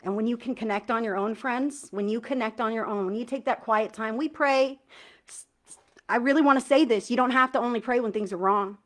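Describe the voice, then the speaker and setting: A woman tarot reader talking casually to her viewers about spiritual home cleansing, earnest and enthusiastic, with slangy asides and slow, heartfelt prayer recitation. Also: fairly high pitch. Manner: recites prayer lines slowly with feeling. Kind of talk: casual spiritual talk to camera.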